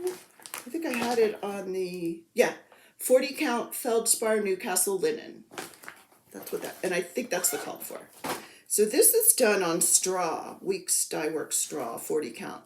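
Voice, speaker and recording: A woman's voice: mid-range voice, vocal fry, roomy sound, a little hiss or hum. A woman chatting casually about her cross-stitch projects, rambling and poking fun at herself. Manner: chatty, self-deprecating, rambling. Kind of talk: casual show-and-tell chat.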